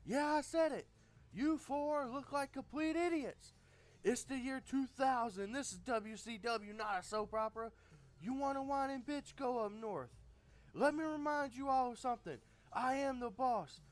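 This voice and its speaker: A man voicing a blustering male wrestling company boss who bellows bossy, drawn-out taunts. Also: very high-pitched, voice pushed up. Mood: bellowing.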